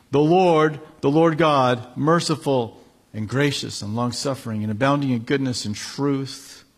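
A male pastor preaching a sermon, reading scripture with building emphasis and then explaining it casually. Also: fairly high pitch.

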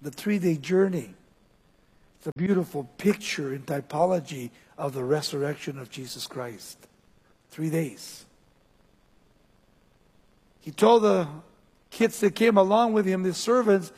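A man preaching a sermon as pastor, swinging between loud, high calls and low, quiet passages. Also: measured pace, pauses often, breathy edge. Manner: preaching with wide swings of pitch and loudness. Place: church. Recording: long reverb in a church hall.

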